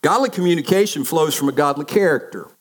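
Man preaching with lively storytelling. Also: on the high side, fast talker. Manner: storytelling, acts out quoted voices of family members. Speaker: pastor. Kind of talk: sermon.

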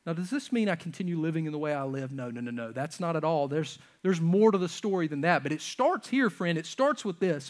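A man preaching a sermon from a church stage, swinging between loud emphatic lines and hushed, near-whispered ones. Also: a little high, lively intonation, fairly quick, few pauses. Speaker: pastor.

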